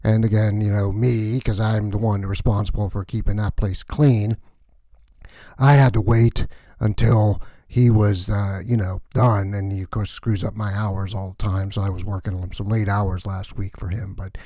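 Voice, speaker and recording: A man doing a gossipy cleaner from a space station, rambling and chatty, full of asides. His voice is low and mellow, and it sounds dry and close. A comic sketch told as backstage gossip. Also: little pitch movement, moderate pace, no room sound, natural voice.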